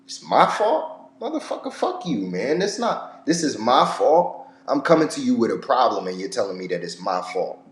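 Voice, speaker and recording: A man's voice: medium pitch, sing-song, moderate pace, few pauses, natural voice. A man voicing Cain as a resentful young man who swears in indignant outbursts. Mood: outraged. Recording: roomy echo.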